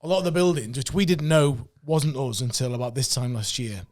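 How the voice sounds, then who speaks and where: A man talking quickly in a casual podcast chat, his voice at an average pitch. He rambles through stories with restarts and swears often. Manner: rambling, animated storytelling with frequent swearing and restarts.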